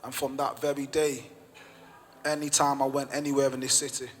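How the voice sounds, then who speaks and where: A man's voice: mid-range voice, level tone, a little fast. A man, a gym owner and podcast guest, telling a story with passionate emphasis and repeated phrases. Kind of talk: storytelling in conversation. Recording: long reverb.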